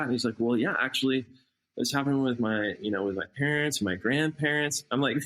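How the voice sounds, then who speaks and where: Animated man telling a story. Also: mid-range voice, fairly quick, poor audio. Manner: animated, acts out quoted dialogue. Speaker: missionary guest. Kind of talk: casual storytelling.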